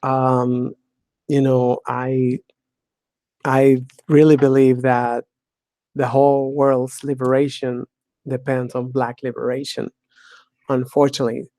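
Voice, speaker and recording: A woman's voice: a bass voice, level tone, slow, long pauses, dark tone, no room sound. A woman hosting her own talk show, delivering a blunt, sardonic monologue, cursing freely and laughing often. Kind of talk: casual monologue.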